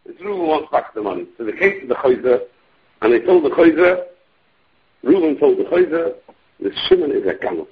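Mann, Predigt, erzählend, sehr heiser, lebhaft schwankend, dumpfe Aufnahme. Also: male voice, fairly quick, breathy edge. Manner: animated, sweeping pitch, restarts. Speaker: preacher telling a story. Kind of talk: storytelling sermon. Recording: dull lo-fi recording.

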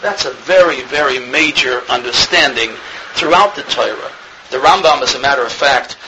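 A man giving a religious lecture as a rabbi, an earnest storyteller who grows more emphatic as he goes. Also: on the high side. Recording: noisy recording with clicks.

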